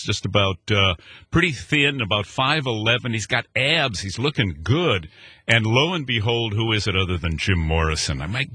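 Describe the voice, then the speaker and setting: An older man, a guest telling an animated story who acts out dialogue and scats rhythms aloud. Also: fairly low pitch, husky, no room sound.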